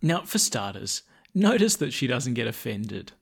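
A male priest delivering a homily in a loose, talky manner. He pauses on fillers and keeps a friendly conversational tone. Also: medium pitch, sing-song, gravelly, slightly rough.

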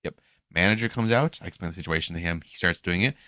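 A man's voice: deep voice, fast talker, pushed and bright, dry recording. A man hosting a podcast, casually retelling a story from his lifeguard job and mimicking the people in it, with some casual swearing. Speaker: podcast host and pool lifeguard.

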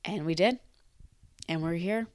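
A woman's voice: lowish voice, a little slow, a little mellow, dry recording. A woman in her twenties, a teacher, talking candidly and reflectively about her job in a personal vlog, repeating words for emphasis. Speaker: teacher leaving the profession.

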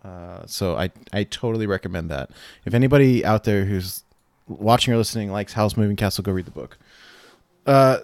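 Low-voiced man chatting, dry sound. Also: fairly quick, creaky, no room sound. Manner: enthusiastic, rambling with fillers. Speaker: co-host. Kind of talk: casual chat.

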